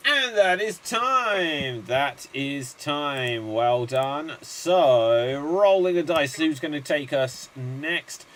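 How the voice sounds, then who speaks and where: A man hosting an online improv show, briskly announcing games and rattling off long chains of names. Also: fairly high pitch, lively intonation, a bit bright.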